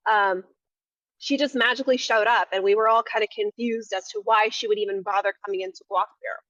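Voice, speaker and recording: A woman's voice: medium pitch, fairly even intonation, fast talker, a bit bright, no echo. A woman co-hosting a live stream, chatting casually and teasing her co-host. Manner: playful, teasing. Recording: dry, slightly muffled mic.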